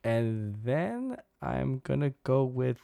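A man's voice: medium pitch, big pitch swings, slow pace, gravelly, warm tone, no room sound. Rambling, eager man, dry close sound. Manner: enthusiastic, rambling with fillers. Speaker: podcast co-host. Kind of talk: casual sports podcast chat.

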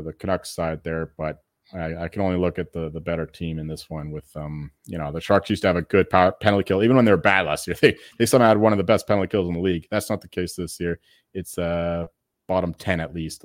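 Low male co-host, casual and rambling, dry close-miked sound. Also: a little mellow, no room sound. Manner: rambling, halting restarts, swears and laughs. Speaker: podcast co-host. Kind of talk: casual sports betting chat.

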